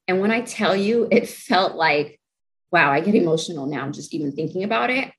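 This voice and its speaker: A woman's voice: on the low side, lively intonation, a little fast, rough recording. A young adult woman, a guest in an interview, telling a personal story candidly and with feeling. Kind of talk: interview conversation.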